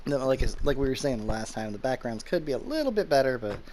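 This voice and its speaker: A man hosting a casual let's play, joking lively with his co-player. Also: medium pitch, fast, a little hiss or hum. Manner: lively, joking, reads game dialogue aloud. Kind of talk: casual gameplay chat. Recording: faint music behind.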